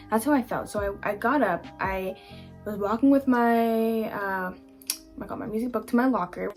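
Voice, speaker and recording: A young woman tells a storytime to her viewers in a candid, chatty way, filling her talk with "like" and acted-out quotes. Her pitch sits in a middle range for a woman. Soft music plays faintly behind her. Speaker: vlogger. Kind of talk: casual storytime.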